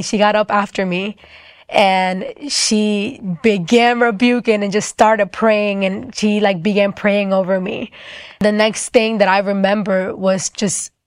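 A young woman telling a personal faith testimony in a quick, casual way, with lots of filler words. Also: medium pitch, dry recording, studio quality. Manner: quick, chatty, full of "like" fillers.

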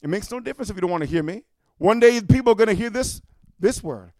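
A man preaching a fiery sermon, punctuating his points with "amen?" and building to shouts. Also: sits high, lively intonation, fast talker, dry recording, clean studio sound.

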